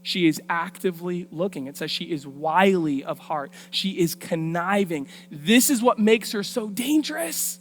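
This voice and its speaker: A woman guest preacher telling a Bible story in a lively, colloquial, street-smart way during a sermon. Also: on the low side, unhurried, few pauses, slight background noise. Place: church.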